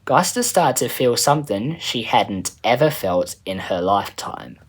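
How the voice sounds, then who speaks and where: Casual husky man reading a story. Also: medium pitch, sing-song, unhurried. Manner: casual, chatty, a little rambling. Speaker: storyteller and channel host. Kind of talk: reading his own story aloud.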